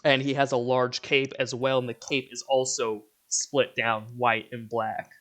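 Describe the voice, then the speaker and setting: A young man narrating a tabletop game as game master, casual and relaxed, laughing easily. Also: mid-range voice, unhurried.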